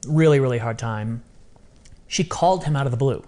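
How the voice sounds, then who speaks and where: A man talking as a podcast guest in a casual interview, animated and repeating phrases for emphasis. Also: medium pitch, a little fast.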